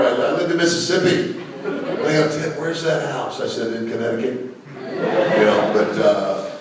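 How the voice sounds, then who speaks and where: A man's voice: mid-range voice, heavy background noise. An older man telling anecdotes to a live audience, in a chatty storytelling way with many fillers. He is recorded from a distance in a large hall with an audience. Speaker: guest speaker. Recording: echoey hall, mic from far off.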